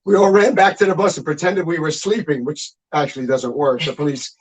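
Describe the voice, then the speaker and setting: A middle-aged man, a guest musician, telling stories in a casual, profane, animated interview chat. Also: fairly high pitch, fairly quick.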